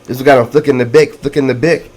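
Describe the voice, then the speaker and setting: A fast-talking man with a medium-pitched voice does an informal tarot reading for viewers. Excitable and slangy, he leans on repeated catchphrases and shouts out to the people watching.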